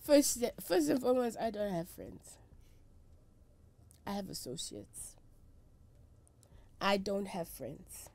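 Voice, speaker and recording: A middle-aged South African traditional healer speaks slowly in a mid-range, slightly mellow voice with vocal fry, very animated and pausing often. In this candid interview she is emphatic and emotional, moving between English, Zulu, and Sotho.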